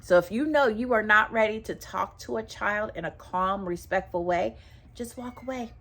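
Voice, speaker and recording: Speaking at a normal pace, this woman has a medium-pitched, somewhat bright voice. As a teacher advising fellow teachers on classroom matters, she keeps it casual but emphatic, going over her points again and speaking straight to the audience.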